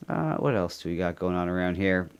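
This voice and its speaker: A man's voice: deep voice, expressive, brisk, clear, resonant tone. A man from Canada co-hosting a podcast, rambling and joking through casual commentary and laughing often. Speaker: podcast co-host.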